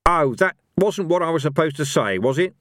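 A loud, gruff old barbarian, as a storyteller puts him on, the voice pushed up high and swinging wildly. He barks his lines with cocky aggression in a storybook reading. The audio is dry and close. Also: animated, moderate pace, no echo. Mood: dismissive. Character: fierce old barbarian man, loud and quarrelsome.

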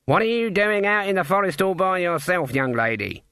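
A man's voice: high-pitched, very animated, normal speed, bright, forceful tone, clean tone, no room sound, clean studio sound, pitched above the performer's own voice, heavily acted. Man doing a curt old witch. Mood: stern. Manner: curt, commanding. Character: stern, sharp old witch woman. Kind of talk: audiobook character voice.

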